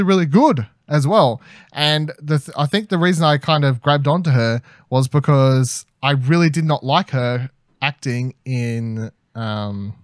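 A man's voice: medium pitch, no room sound. A young man with an Australian accent, co-hosting a laid-back review discussion. He talks in loose, hesitant runs full of fillers and the odd swear word. The recording is close and dry, with no room sound. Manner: rambling, hesitant, swears casually. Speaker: podcast co-host. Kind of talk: casual review chat.

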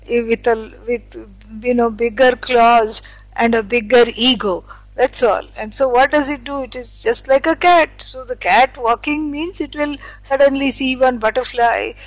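High-voiced woman teaching in meandering talk. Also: a little slow, no room sound, rough recording. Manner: meandering, conversational, many fillers and restarts. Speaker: Vedanta teacher. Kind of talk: spiritual lecture.

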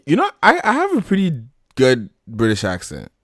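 A man's voice: medium pitch, wildly swooping pitch, normal speed, dry recording, clean studio sound. A man hosting a casual podcast, joking and rambling with lots of fillers, tired after a long day. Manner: playful, jokey, rambling with fillers. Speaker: podcast host.

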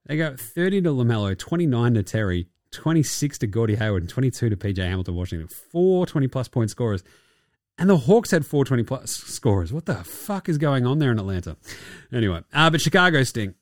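A man's voice: medium pitch, big pitch swings, brisk, no room sound. Aussie guy hosting a sports podcast, swears a lot, sarcastic, dry close sound. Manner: crude, sarcastic, swears and laughs often. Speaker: podcast host. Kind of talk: casual basketball chat.

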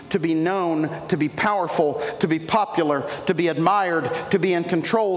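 A man preaching a sermon, dramatically acting out the words of biblical figures as he tells the story. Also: on the high side. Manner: dramatic, voices biblical speakers in retelling. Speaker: pastor. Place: church sanctuary. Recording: echoey hall.

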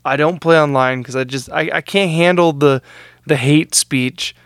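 A man's voice: a little high, normal speed, smooth, dry recording, clean studio sound. A man in his thirties hosting a podcast, joking and poking fun at himself in casual chat. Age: 30s. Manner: joking, self-mocking. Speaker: podcast host.

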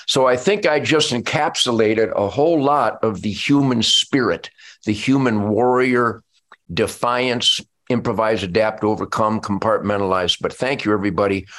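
A man's voice: lowish voice, moderate pace, fairly bright tone. An older man talking emotionally on a podcast, close to tears, listing words in long heartfelt runs. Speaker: musician and show guest.

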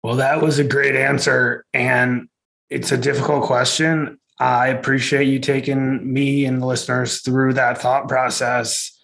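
A man's voice: medium pitch, little pitch movement, measured pace, creaky, a bit bright, rough recording. Friendly man hosting an interview. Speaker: podcast host. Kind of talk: interview questions.

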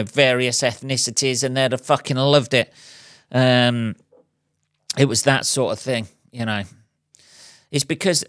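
Solo podcast host, man, smooth clear voice, dry close sound, sweary and wry. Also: mid-range voice, a bit bright, no echo. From England. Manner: profane, wry, chuckling asides. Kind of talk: rambling solo podcast monologue.

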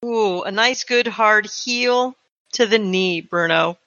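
A woman's voice: mid-range voice, slow pace, a bit bright, no room sound, highs cut off. A woman game master narrating and asking her players about their actions. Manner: checks actions, asks players questions.

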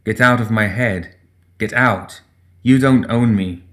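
A man's voice: fairly low pitch, takes it slowly, a bit bright. Man voicing a desperate cursed young woman. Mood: wailing. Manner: desperate and defiant.

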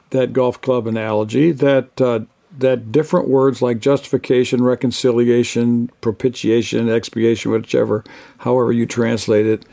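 An older man, a biblical scholar, giving measured conversational answers as an interview guest and listing terms one by one. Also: mid-range voice, gravelly, a little mellow.

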